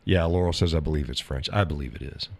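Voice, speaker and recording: Deep-voiced folksy man. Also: quick pace, vocal fry, a little mellow. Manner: folksy, drawling, laughs often. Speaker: live stream host. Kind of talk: casual chat with viewers.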